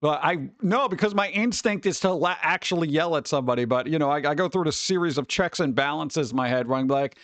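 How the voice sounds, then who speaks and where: A man's voice: a little high, a little fast, few pauses, fairly bright tone, no echo. A man streaming live from his home setup, rambling and joking with exasperation in casual chat.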